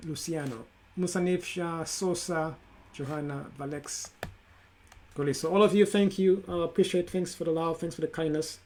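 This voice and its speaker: A man hosting a live stream, thanking his followers at length and stumbling over their names. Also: on the high side. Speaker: host.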